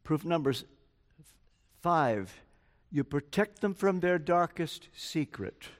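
A man's voice: on the high side, lively intonation, slow pace. An older man preaching a sermon, telling a story and acting out the quoted lines of its people. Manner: storytelling, acts out quoted dialogue. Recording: long hall reverb.

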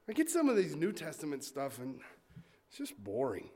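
A man preaching a sermon, swinging from loud emphatic points to quiet asides and acting out listeners' complaints in mock voices. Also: a little high, huge pitch swings, moderate pace. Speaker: pastor.

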